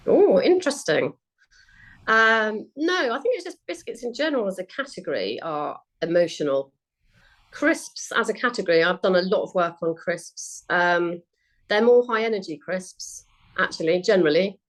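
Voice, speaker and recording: A woman talking through her research as a guest, chatty and full of ums and quick self-corrections. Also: medium pitch, expressive. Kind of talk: conversational interview.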